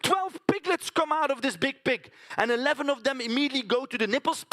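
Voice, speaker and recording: A man's voice: very high-pitched, quick pace, pushed and bright, soft background music. A man performing a theatrical storytelling monologue on a conference stage, chatting to the audience with tag questions.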